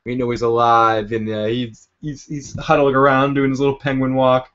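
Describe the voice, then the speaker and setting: A man recaps a TV episode in a casual, rambling way, chuckling and slipping into the scenes as he tells them. His voice sits at an ordinary middle pitch. The recording sounds muffled and lo-fi, made down in a basement. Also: monotone, normal speed, a bit bright. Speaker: show recap host.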